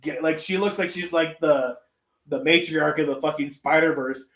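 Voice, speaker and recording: A man's voice: a little high, steady tone, moderate pace, fairly bright tone. A man chatting casually as co-host, telling stories in a rambling, profane way and acting out quotes. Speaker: podcast co-host. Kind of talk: casual chat. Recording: roomy echo.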